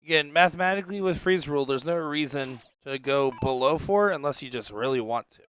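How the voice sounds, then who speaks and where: A man's voice: a little high, a little fast, fairly bright tone, clear, resonant tone, no room sound. A man doing live darts commentary with casual, joking asides. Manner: chatty, joking, rambling asides. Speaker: dart commentator.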